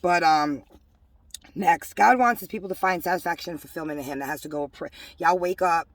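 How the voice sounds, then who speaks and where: A woman, rambling emotionally about her faith from inside a parked car, mixing loud bursts with hushed asides. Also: lowish voice, fairly quick, no room sound. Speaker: religious vlogger. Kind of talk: casual spiritual testimony to camera.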